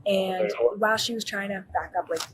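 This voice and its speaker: A woman's voice: mid-range voice, steady tone, moderate pace, over a noisy crowd, rough recording. A young woman, a college student, telling a police officer what happened in a rambling way full of fillers and restarts, recorded on a bodycam. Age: young adult. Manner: rambling, filler-heavy, self-correcting. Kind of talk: recounting events to police.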